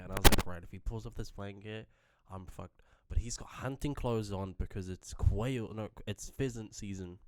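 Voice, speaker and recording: A man's voice: mid-range voice, a little mellow, no echo, clean studio sound. A man telling an awkward story on a podcast, wry and swearing as he builds suspense. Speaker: podcast co-host. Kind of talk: casual storytelling chat.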